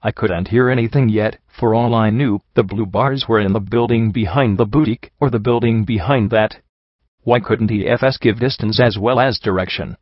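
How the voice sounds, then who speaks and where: A man reading a first-person story aloud in a steady storytelling voice. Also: lowish voice, normal speed, no room sound, highs cut off. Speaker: audiobook narrator. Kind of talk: scripted narration of a fan story.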